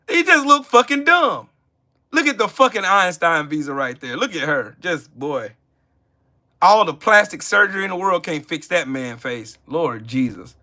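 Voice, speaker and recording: With a high voice and a sharp tone, a man hosting a political commentary livestream rants casually. He's profane and mocking, and he speaks to people in his chat by name.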